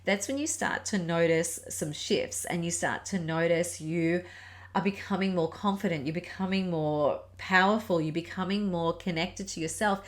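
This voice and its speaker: A middle-aged woman who teaches Pilates and yoga hosts a reflective solo podcast, speaking gently, earnestly and encouragingly. Her voice is lowish and her pace normal.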